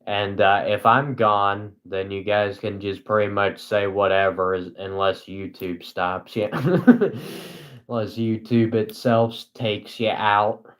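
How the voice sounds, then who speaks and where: A young man hosting a casual live stream, talking to his chat in a flat, dry, self-mocking monotone. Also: lowish voice, measured pace, hardly any pauses.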